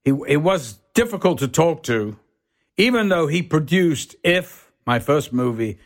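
An older man, a guest on a podcast, telling lively stories and acting out the voices in them. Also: fairly high pitch, measured pace. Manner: animated, laughing, acts out voices. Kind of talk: anecdotal storytelling.

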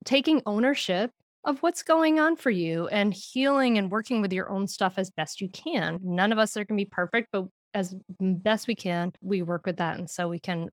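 A woman's voice: mid-range voice, moderate pace, dry recording, clean studio sound. A middle-aged woman, a podcast guest, telling parenting stories in casual talk, laughing often and acting out what she said. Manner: animated, laughs often, acts out quotes.

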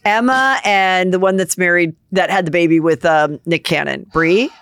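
A woman hosting a casual gossip podcast, telling stories in a chatty, animated way. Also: fairly low pitch, moderate pace, clean tone, no echo, studio quality. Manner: chatty, animated storytelling with playful put-on voices. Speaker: podcast host.

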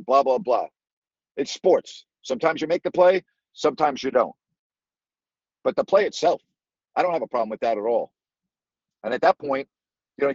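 A man's voice: mid-range voice, a little mellow, no room sound, lo-fi sound. A man hosting a sports call-in radio show, making his points emphatically and repeating them.

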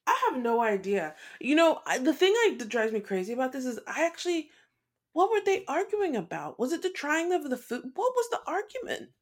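Animated, high-voiced woman giving opinions. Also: a little fast. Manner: animated and opinionated, laughs often. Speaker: podcast co-host. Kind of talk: casual opinionated chat.

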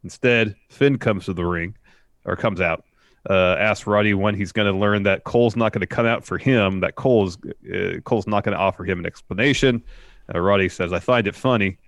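A man's voice: on the low side, brisk, no echo, studio quality. A man co-hosting a casual show, steadily retelling events with small fillers. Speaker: podcast co-host. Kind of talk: casual recap narration.

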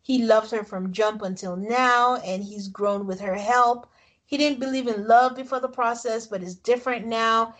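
A woman co-hosting a podcast, recapping a reality show episode in casual, animated chat. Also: fairly high pitch, moderate pace. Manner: animated storytelling, frequent laughs. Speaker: podcast co-host.

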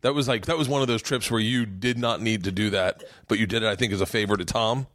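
A man's voice: fairly low pitch, fast talker, fairly bright tone. A man hosting a podcast, chatting casually at a house and telling stories full of swearing and acted-out voices. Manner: swears a lot, acts out voices in his stories. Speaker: podcast host. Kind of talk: casual chat, animated storytelling.

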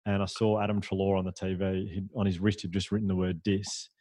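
A man who is a podcast guest, telling stories in a lively, chatty, self-deprecating way. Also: deep voice, fast talker, dry recording. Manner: animated, chatty, self-deprecating, with fillers and laughs. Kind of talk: conversational storytelling.

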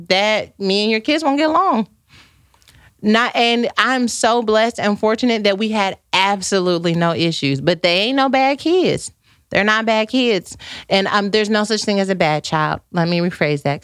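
Casting: middle-aged woman host, animated storyteller who laughs a lot, mid-pitch, dry close sound. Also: dry recording. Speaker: live-stream host reading viewer comments. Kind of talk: casual chat.

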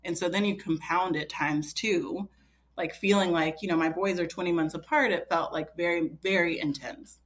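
A woman's voice: lowish voice, steady tone, moderate pace. A woman in her thirties, a podcast guest telling a personal story in a chatty way, full of fillers and quoting herself. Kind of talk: casual storytelling.

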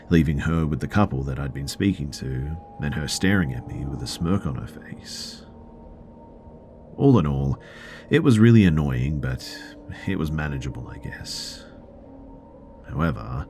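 A man hosting a podcast, reading a listener's first-person story aloud in a measured storytelling way with the odd filler. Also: extremely low pitch, a little mellow. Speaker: podcast host.

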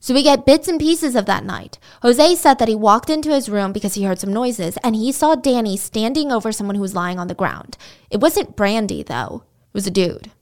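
A woman's voice: on the high side, expressive, moderate pace. A woman host retelling a true crime case in a conversational way, with indignant asides. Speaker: podcast host.

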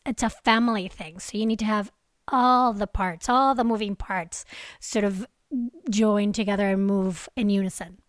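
A woman's voice: a little high, no room sound, studio quality. A woman hosting a podcast, chatty and upbeat, talking casually with a guest and her listeners. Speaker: podcast host. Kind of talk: casual interview chat.

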